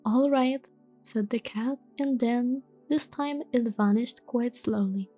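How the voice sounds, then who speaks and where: A woman reading a storybook aloud in a gentle, soft-spoken ASMR style. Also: on the high side, slow, faint music behind. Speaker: storybook reader.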